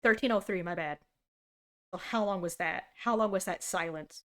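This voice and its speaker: A young woman in her twenties streaming a casual reaction, talking in an animated and sarcastic way and laughing often. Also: fairly low pitch, moderate pace.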